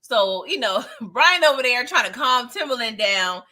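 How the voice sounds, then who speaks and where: A high, bright woman's voice in a relaxed recap chat, sassy and slangy, breaking into laughter as she talks right to her audience. She keeps it loose and personal, like catching up with friends about last night's episode. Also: normal speed. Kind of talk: casual live recap chat.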